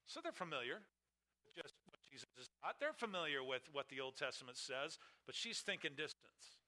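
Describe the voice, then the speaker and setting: Bright-voiced emphatic male preacher. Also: very animated, brisk, poor audio. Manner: emphatic, swings between loud stresses and quiet low drops. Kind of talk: sermon.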